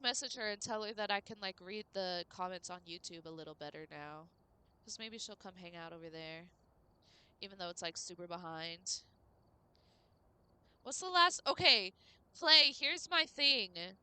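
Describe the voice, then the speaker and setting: A woman's voice: on the low side, animated, moderate pace, pushed and bright, smooth, dry recording. A young woman streaming a game, chatting casually and rambling to her viewers with lots of "like" fillers.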